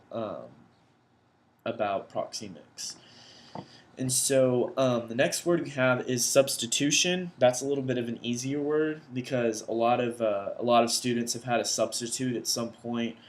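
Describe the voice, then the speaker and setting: Young man explaining class vocabulary aloud. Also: on the low side. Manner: loose, conversational, thinks aloud as he explains. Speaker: education student presenting vocabulary. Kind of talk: recorded class assignment explanation. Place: indoors at a computer.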